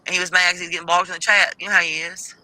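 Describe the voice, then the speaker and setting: Guy gossiping casually, super bright tense voice, dry close sound, keeps laughing and quoting people. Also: sits high, level tone, rapid-fire, no echo, low-quality recording. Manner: gossipy, laughs often, acts out quotes.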